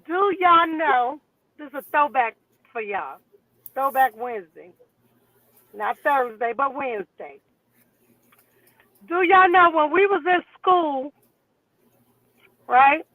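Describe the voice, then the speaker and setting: A woman with a high voice co-hosts a casual talk from a tinny, phone-like line. She speaks slowly and hypes up her listeners with playful chants. The sound is dry and close. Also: expressive, dry recording. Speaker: co-host. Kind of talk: casual chat, storytelling.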